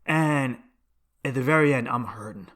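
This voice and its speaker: Bright-voiced rambling male comedian. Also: mid-range voice, normal speed. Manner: rambling storytelling, self-interrupting with restarts and asides. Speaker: comedian podcast host. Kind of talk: casual comedic monologue.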